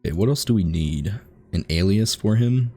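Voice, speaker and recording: A man's voice: lowish voice, lively intonation, moderate pace, mellow, slightly rough, faint music behind. A man hosting a let's play, thinking aloud as he reads through on-screen text in a casual commentary style. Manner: musing aloud while reading on-screen text.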